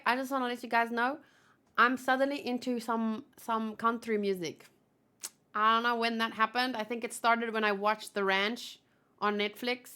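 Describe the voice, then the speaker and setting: A woman hosting a manga read-along, chatting casually with quick, giggly asides. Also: fairly high pitch, sharp tone, clear, resonant tone. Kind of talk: casual chat and reading aloud.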